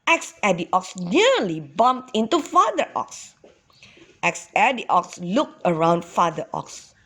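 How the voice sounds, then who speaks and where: A woman teacher reading a storybook aloud to young children with a slow, sing-song delivery. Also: medium pitch, a bit bright.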